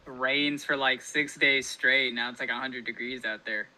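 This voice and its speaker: A man's voice: mid-range voice, fairly even intonation, moderate pace, pushed and bright, rough recording. A man guesting on a casual livestream, talking in a laid-back drawl and calling everyone man and dude.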